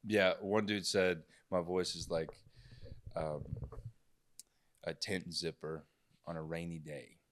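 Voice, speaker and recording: A man's voice: sits low, level tone, takes it slowly, pauses often, slight background noise. A man from Arkansas, a comedian guest in a casual podcast chat, who talks in an earnest, laid-back way and keeps checking in with 'right?'.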